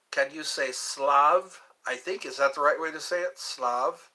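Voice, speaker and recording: A man's voice: on the high side, moderate pace, hardly any pauses, bright, forceful tone. A man hosting a live stream, chatting in a rambling, playful way with viewers and saying he is a little tired. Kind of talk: casual live-stream chat.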